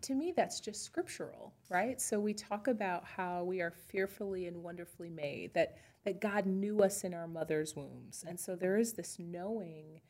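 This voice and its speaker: A woman's voice: on the low side, darkish tone. A woman pastor co-hosting a podcast, talking through ideas in a thoughtful, searching way and often restarting her sentences. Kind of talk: casual faith chat.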